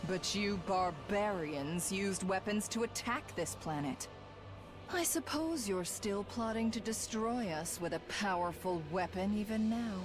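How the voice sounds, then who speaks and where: Brief: a woman playing a cruel, pompous game villainess, slow and deliberate, with music behind. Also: mid-range voice, lively intonation, natural voice. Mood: gloating. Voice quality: pompous, grandiose. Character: arrogant cruel villainess taunting enemies, adult woman. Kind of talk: game voice acting.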